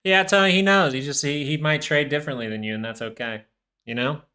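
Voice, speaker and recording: A man's voice: fairly high pitch, quick pace, sharp tone, clear, resonant tone. A man hosting a live stock market stream, giving casual, rambling commentary full of restarts. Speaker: stock market livestream host.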